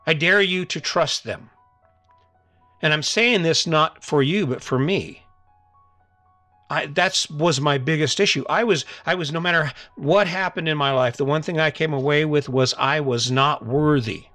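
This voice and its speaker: A man's voice: a little high, a little slow, bright, forceful tone, no echo, faint music behind. Earnest middle-aged man, dry close mic. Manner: earnest, coaxing, repeats challenges. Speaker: podcast host. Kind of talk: motivational monologue.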